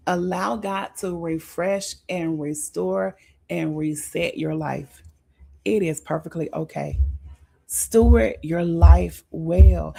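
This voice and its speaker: Her fairly low, dark voice is creaky and husky as she leads a devotional talk. The sermon is informal and conversational, emphatic and full of repeated phrases.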